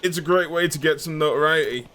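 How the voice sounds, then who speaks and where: A man's voice: a little high, fast talker, pushed and bright, a little hiss or hum, voice pushed up. A man voicing a cocky young male street punk who poses as a famous gangster, boastful and threatening.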